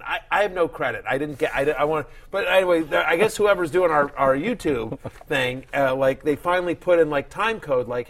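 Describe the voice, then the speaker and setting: A man's voice: on the high side, a little fast. A man hosting a fantasy football show, chatting casually and rambling through long stories with frequent laughter. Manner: rambling, laughing, animated storyteller. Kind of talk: casual sports chat.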